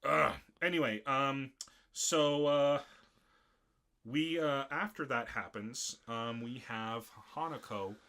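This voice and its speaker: A young man co-hosting a casual podcast, recapping an anime episode with animated retellings of scenes. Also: medium pitch, takes it slowly, clean tone. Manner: animated, acts out character lines in shifting voices. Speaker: podcast co-host.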